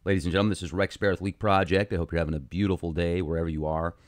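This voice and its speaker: A man hosting his own video channel, talking through a film's symbolism in an earnest, animated monologue. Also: sits low, very fast. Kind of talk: casual monologue analysis.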